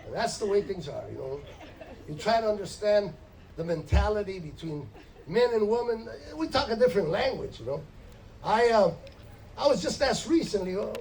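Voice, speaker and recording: Older man with a high voice doing stand-up on a stage mic, mixing in Spanish voices. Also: expressive, fairly quick, darkish tone, far from the mic, slight background noise, poor audio. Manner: storytelling, slipping into Spanish and acted voices. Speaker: stand-up comedian. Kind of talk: stand-up comedy set. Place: live theater stage before an audience.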